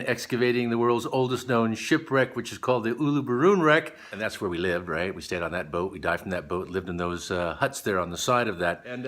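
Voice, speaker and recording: A middle-aged man vlogging, telling a story in an animated way and acting out the people in it. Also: medium pitch. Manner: animated storyteller, voices the people in his story, laughs often. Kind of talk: motivational storytelling vlog.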